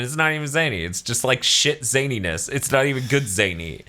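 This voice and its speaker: Sarcastic, profane man with a lively, bright voice. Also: medium pitch, a little fast. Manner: sarcastic, profane, mocking, acts out characters in silly voices. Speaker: podcast host. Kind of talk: casual podcast banter.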